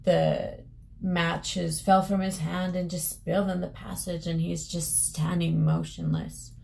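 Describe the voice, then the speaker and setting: A woman's voice: on the low side, little pitch movement, measured pace, creaky, a little mellow, a little hiss or hum. A young woman vlogger casually retelling a story at home while getting ready, with loose restarts and "she's like" phrasing, recorded on a camera mic.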